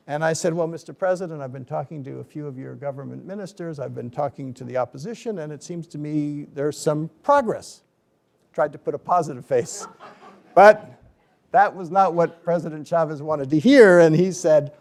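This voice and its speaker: Gravelly middle-aged man telling a story. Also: on the high side, normal speed. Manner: animated storyteller, acts out quoted voices. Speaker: author giving a book talk. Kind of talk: storytelling lecture.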